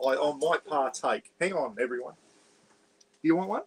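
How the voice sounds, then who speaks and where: A man's voice: on the high side, lively intonation, normal speed, husky, low-quality recording. Australian man, vlog host, rambling casual chat, caravan. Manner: rambling and chatty, often saying "bloody". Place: parked caravan.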